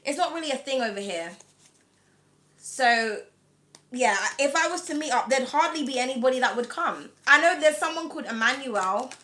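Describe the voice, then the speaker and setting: British woman, fairly high and bright voice, a bit whiny, rambling tarot reader, live-stream chat. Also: expressive, moderate pace. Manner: chatty and rambling, full of "like" and "um", laughs often.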